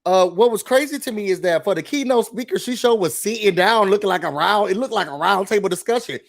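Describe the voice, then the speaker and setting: A man with a high-pitched voice hosts a casual reality show recap. He talks in an animated, gossipy way and breaks into mimicry of the cast as he goes. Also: fast, gravelly.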